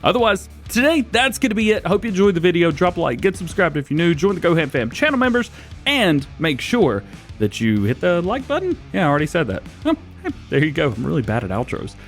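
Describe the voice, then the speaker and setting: A man's voice: a little high, big pitch swings, fast, soft background music. A man hosting a gaming channel, giving chatty gameplay commentary and laughing often, while he is losing his voice.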